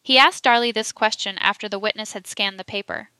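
A woman narrating an audiobook reading of a historical trial report, steady and even. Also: mid-range voice, a little fast, smooth, dry recording.

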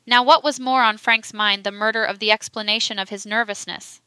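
A woman's voice: medium pitch, steady tone, a little fast, pushed and bright, clean tone, no room sound, close to an everyday voice. A woman reading as an insistent male solicitor. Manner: pressing, emphatic questioning.

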